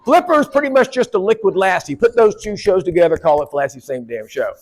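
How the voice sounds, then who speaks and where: In a conference hall, this man gives a funny keynote, poking fun at the crowd and bantering with them. He speaks fast and animated, his voice pitched high.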